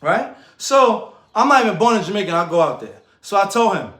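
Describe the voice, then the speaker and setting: Young New guy, high voice, animated motivational chat with plenty of laughs. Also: a little fast, few pauses. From New York. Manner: animated, laughs often, slangy. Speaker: fitness coach and streamer. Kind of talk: casual motivational talk. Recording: echoey room.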